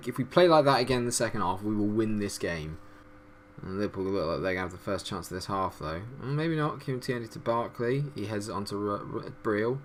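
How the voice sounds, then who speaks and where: A young man with a lowish voice talks over his football management game in a casual let's-play. He reacts loudly, swearing at missed chances and chatting through his plans. A faint hum sits under the voice. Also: fast. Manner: excitable, swearing, frustrated outbursts. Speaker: gaming YouTuber.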